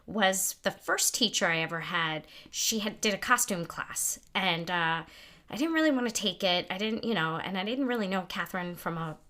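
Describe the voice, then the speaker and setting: At a normal speed and mid-range pitch, a woman co-hosts a podcast in casual conversation. Her storytelling is lively and animated, with her voicing the people she quotes.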